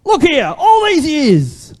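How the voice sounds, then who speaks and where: An aggrieved, entitled older brother, as a man acts him out. His voice sits high and swoops widely as he complains. The tone is indignant. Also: lively intonation, measured pace, darkish tone. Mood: resentful.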